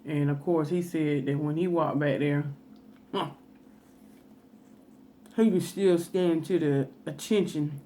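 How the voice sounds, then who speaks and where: A woman's voice: sits low, fairly even intonation, slow pace, pauses often, warm tone, slight background noise. Chatty woman telling a story while eating. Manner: chatty, folksy, with laughing asides. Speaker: food vlogger.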